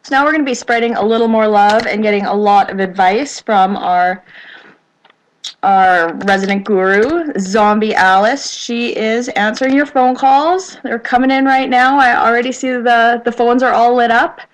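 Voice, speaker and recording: A woman's voice: a little high, moderate pace, slight background noise, poor audio. Upbeat woman podcast host. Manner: upbeat, reads listener notes. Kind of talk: casual chat.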